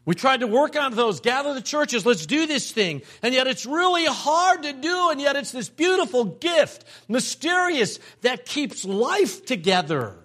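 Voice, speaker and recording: An older man delivers a storytelling sermon in a strikingly high voice. His pitch leaps around as he repeats phrases and slips into the voices of his family. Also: big pitch swings, a little slow, few pauses, a bit bright. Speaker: pastor.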